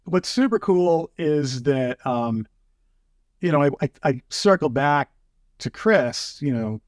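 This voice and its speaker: A man telling fishing stories as a podcast guest, in casual chat, animated and full of fillers. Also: on the high side, takes it slowly, no echo, clean studio sound. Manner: animated, acts out quotes, many fillers.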